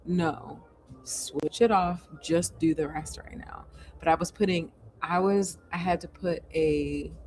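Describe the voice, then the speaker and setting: A woman's voice: deep voice, a little hiss or hum. Earnest woman host coaching viewers. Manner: earnest, animated, coaching, self-reflective. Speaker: host answering viewer comments. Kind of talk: casual livestream chat.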